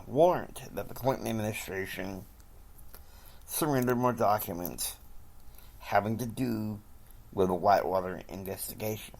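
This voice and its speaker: A man's voice: lowish voice, darkish tone. A man voicing a male political insider, confiding and matter-of-fact.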